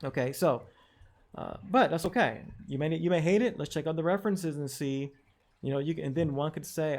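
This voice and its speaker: Male educator, slightly high pitch, wry and skeptical, casual tutorial delivery with fillers. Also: fairly quick, a little mellow. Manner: skeptical, questioning, reads quotes aloud with wry asides; frequent fillers and restarts, chuckles at jargon. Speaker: educator explaining online research. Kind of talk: screen-share tutorial talk.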